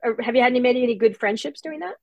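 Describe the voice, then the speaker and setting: A woman from Los Angeles chatting casually, wry and quick to laugh, with a measured delivery. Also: on the high side, gravelly, dry recording, muffled recording. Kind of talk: casual chat.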